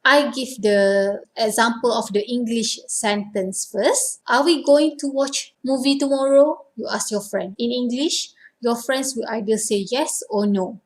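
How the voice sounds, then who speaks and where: A woman with a Malaysian accent teaching her native Malay in English, explaining patiently and acting out example phrases with lively intonation. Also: fairly high pitch. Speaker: language teacher. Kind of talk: casual teaching monologue.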